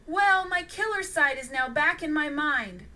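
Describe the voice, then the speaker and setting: A woman's voice: sits high, animated, measured pace, sharp tone, voice pushed up, heavily acted. Woman voicing a blunt male hero leader. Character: determined male superhero leader.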